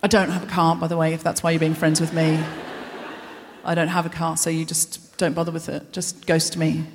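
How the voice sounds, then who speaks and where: A woman's voice: deep voice, level tone, a little fast, creaky, noisy background. A woman hosting a comedy podcast live on stage, delivering a rambling, anxious, self-deprecating stand-up monologue. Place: large concert hall stage. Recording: long reverb of a big concert hall.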